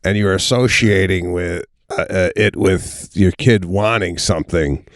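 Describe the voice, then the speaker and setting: A man's voice: low voice, a little slow, no room sound, clean studio sound. A middle-aged man co-hosting a podcast in casual chat, telling family stories and acting out the quotes. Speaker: podcast co-host.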